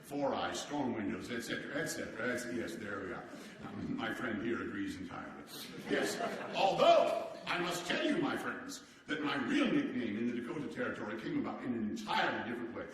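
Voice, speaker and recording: A man playing a hearty, boastful statesman from the turn of the century, telling stories to a seated audience in a theatrical, animated way with chuckles. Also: mid-range voice, brisk, crowd noise, natural voice. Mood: genial. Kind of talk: live historical character monologue. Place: large hall with a seated audience. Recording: echoey hall, distant mic.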